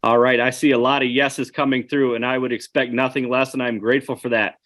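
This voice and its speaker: A man's voice: medium pitch, flat delivery, brisk, fairly bright tone. A man giving an online webinar presentation, earnest and conversational, speaking straight to his audience.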